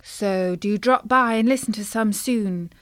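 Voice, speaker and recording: Woman storyteller, slow and lively delivery, dry close sound. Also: medium pitch, no echo. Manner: gentle and expressive. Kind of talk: children's story narration.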